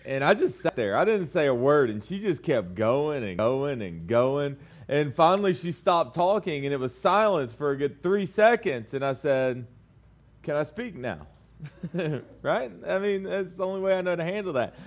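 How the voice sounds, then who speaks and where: A man's voice: a little high, expressive, moderate pace, few pauses. A young man giving a casual youth sermon to a small group, telling a story in a chatty way with lots of fillers.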